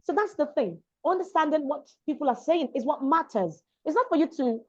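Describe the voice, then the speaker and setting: A woman's voice: high-pitched, animated, a little fast, hardly any pauses, a little mellow. A Nigerian woman who grew up in Lagos, a diction and public speaking coach, explaining things emphatically and repeating her key points in an interview. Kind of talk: interview conversation. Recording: dull lo-fi sound.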